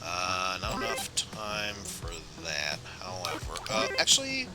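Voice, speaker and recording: A man's voice: low voice, huge pitch swings, takes it slowly, low-quality recording. A male streamer commenting on his gameplay, thinking aloud with hesitant fillers. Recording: game music playing behind.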